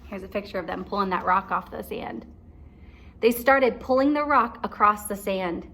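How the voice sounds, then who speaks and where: A woman teacher reading a chapter book aloud to kindergarten children, pausing to ask encouraging questions. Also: mid-range voice, pushed and bright. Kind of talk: read-aloud for young children.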